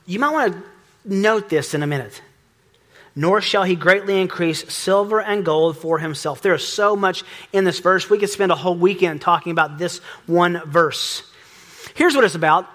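Bright-voiced preaching man. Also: sits high, normal speed. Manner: lively, joking, acts out dialogue. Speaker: pastor. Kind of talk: sermon.

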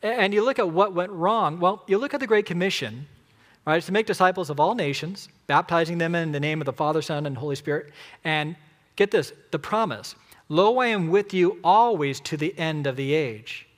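A fairly high-voiced man preaching with emphasis, counting off his points and putting questions to the congregation. His voice rings out with a long reverb from a large hall. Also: fairly quick, a bit bright. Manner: emphatic, rhetorical questions to the audience. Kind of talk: sermon.

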